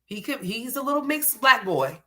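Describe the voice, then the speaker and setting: Blunt, profane woman scolding with a bright voice. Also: a little high, sing-song, moderate pace. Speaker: commentary host. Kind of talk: reaction commentary.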